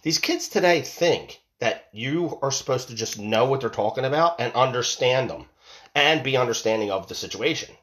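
A father in his forties tells a story about his family in a casual, rambling, emphatic monologue, swearing and repeating himself. His voice is medium-pitched and a bit bright, with lively intonation and a moderate pace.

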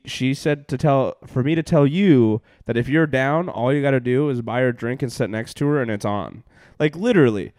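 A young man tells stories in a loose, rambling way, breaking into laughs and swearing freely. His voice is smooth and clear, recorded close and dry. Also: mid-range voice, a little mellow, no room sound. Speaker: comedian and podcast host. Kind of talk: casual storytelling chat.

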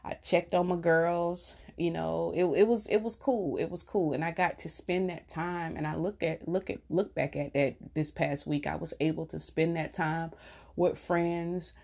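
A woman's voice: low voice, steady tone, normal speed, creaky. A middle-aged woman chatting casually to viewers, telling stories with laughter. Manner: chatty, warm storytelling with laughs. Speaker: vlogger.

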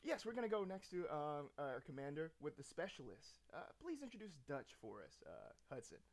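A man's voice: on the high side, huge pitch swings, fairly quick, gravelly. A man acting as game master for a tabletop role-playing game, often laughing and using lots of fillers.

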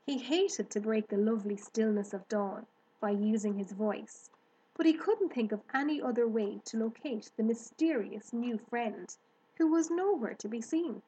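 A woman reading a children's novel aloud in a slow, gentle storytelling manner. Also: on the high side, breathy edge, rough recording. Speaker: reader.

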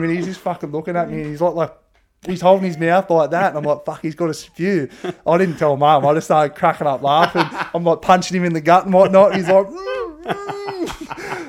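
A young Australian man with a slightly high voice tells rowdy footy yarns in a relaxed podcast chat. He swears often and laughs as he goes. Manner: swears a lot, laughs mid-story. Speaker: guest, rugby league winger. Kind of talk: casual podcast chat, storytelling.

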